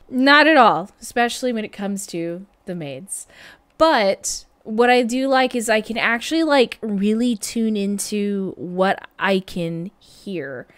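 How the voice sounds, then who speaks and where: A woman hosting a music reaction, talking casually about a song, laughing often and humming the riffs out loud. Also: mid-range voice. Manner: chatty, laughs often, hums and scats riffs. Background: faint music.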